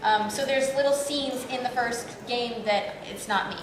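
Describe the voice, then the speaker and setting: A woman's voice: a little high, normal speed, far from the mic. A female voice actor chatting on a convention panel, giggly and talkative. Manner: chatty, giggly, does accents. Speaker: voice actress guest. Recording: echoey room with crowd noise.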